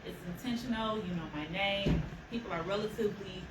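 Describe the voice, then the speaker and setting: A woman's voice: mid-range voice, a little fast. A woman in a casual conversation, laying out her view step by step in a thoughtful way. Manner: thoughtful, builds points step by step. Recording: roomy, distant mic, audible noise.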